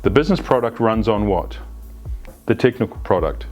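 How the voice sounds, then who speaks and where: Low-voiced man explaining. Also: animated, normal speed, darkish tone, soft background music. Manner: explanatory, conversational, with frequent restarts and asides. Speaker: agile coach presenting a video series. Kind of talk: unscripted instructional talk.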